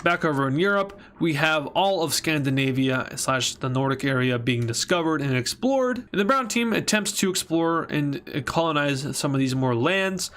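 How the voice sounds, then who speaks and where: A man's voice: fairly high pitch, expressive, normal speed, few pauses, fairly bright tone. A man casually narrating a map series, rambling and joking, often correcting himself mid-sentence.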